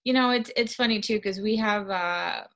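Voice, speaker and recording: A woman talking about her dog as an interview guest, speaking earnestly in halting sentences full of fillers and restarts. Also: medium pitch, a bit bright. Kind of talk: casual interview conversation.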